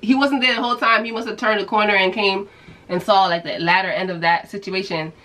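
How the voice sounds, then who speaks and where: A woman from New York telling a story to her viewers in a casual, animated way, acting out the people she quotes. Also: mid-range voice, brisk, rough recording. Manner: animated storyteller who acts out quoted voices. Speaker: vlogger.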